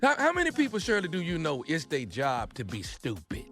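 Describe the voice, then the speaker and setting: A man on a radio show trades teasing studio banter, his voice rising and falling lively. Music plays clearly behind him. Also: on the high side, fairly quick. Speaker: radio host.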